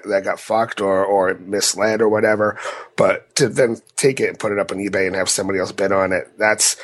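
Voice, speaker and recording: Halting low-voiced man on a podcast. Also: slightly rough. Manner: halting, with frequent word repeats. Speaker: podcast co-host. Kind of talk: casual podcast chat.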